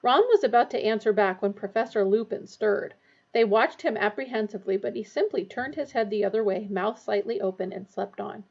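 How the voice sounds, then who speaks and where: Woman narrator for a storybook, steady and expressive, recorded with a dull lo-fi sound. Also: mid-range voice, brisk, gravelly. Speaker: audiobook reader.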